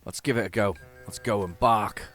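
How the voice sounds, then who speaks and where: A let's play host with a lowish, fairly bright voice rambles at a moderate pace, chatting casually and putting himself down as he plays. Soft background music runs under his close desk-microphone recording made at home.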